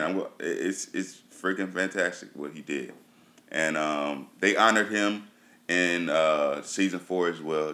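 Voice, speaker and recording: A man's voice: low-pitched, fairly bright tone. A man casually reviewing TV shows for his viewers. He talks loosely, with lots of fillers, and repeats himself for emphasis. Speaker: TV show reviewer.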